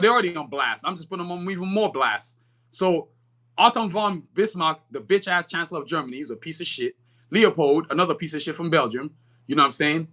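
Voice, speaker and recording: A man's voice: fairly high pitch, bright, forceful tone. Fiery, profane man ranting on his podcast. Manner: streetwise slang, keeps checking in with listeners. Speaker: podcast host. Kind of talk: live-stream podcast monologue.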